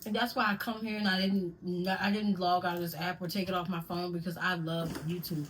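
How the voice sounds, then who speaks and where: A woman's voice: fairly low pitch, little pitch movement, a little fast, fairly bright tone, slight background noise, poor audio. A woman chatting casually to her viewers in a vlog at home, rambling and tripping over her words now and then. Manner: addresses viewers with "y'all". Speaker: vlogger. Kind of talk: casual chat to camera. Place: home at night.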